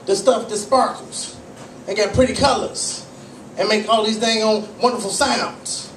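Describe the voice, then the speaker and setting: A male stand-up comedian telling profane, animated stories at a small cafe comedy night. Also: sits high, unhurried. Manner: profane, animated storytelling with acted-out voices. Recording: echoey room, distant mic, faint noise.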